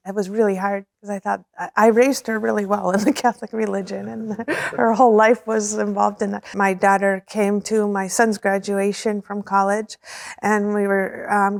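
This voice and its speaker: Gravelly middle-aged woman telling her story. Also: mid-range voice, dry recording, clean studio sound. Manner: earnest, laughs often, repeats words. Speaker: interview guest, convert. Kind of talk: personal storytelling in an interview.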